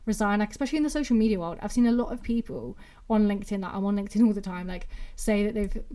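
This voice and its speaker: She talks very fast in a mellow, mid-range voice, a woman in her twenties from England whose accent mixes Brummie and Mancunian. On her solo podcast she chats and rambles casually, saying "like" constantly.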